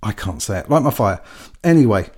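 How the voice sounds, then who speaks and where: A man's voice: lowish voice, a little fast. A man hosting a live radio music show, chatting casually and reading out messages from listeners. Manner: relaxed, chatty, reads chat messages with small laughs.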